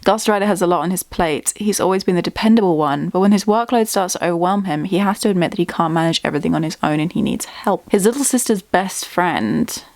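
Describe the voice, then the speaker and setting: A woman's voice: fairly low pitch, fast talker, few pauses, darkish tone, no room sound. A young woman chatting casually as a book vlogger at home, bubbly and talkative, thinking aloud. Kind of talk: casual chat.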